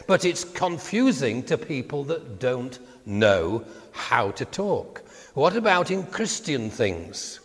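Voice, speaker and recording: An older man with a Yorkshire accent telling wry anecdotes in a relaxed Christian talk. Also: mid-range voice, slow pace. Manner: wry, storytelling. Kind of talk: anecdotal monologue. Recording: echoey room with long reverb.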